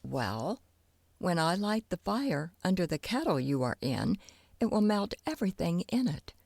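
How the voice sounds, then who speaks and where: A woman's voice: lowish voice, sing-song, a little slow, gravelly, a little mellow, dry recording, full character voice. A woman voicing a smug, cruel villainess in a children's storybook, menacing and self-satisfied.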